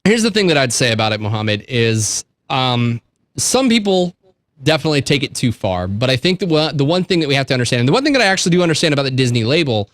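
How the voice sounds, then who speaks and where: A man's voice: medium pitch, big pitch swings, fast talker, no echo. A man co-hosting a late-night call-in show, talking casually and rambling, often repeating words as he hunts for his point. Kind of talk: casual chat.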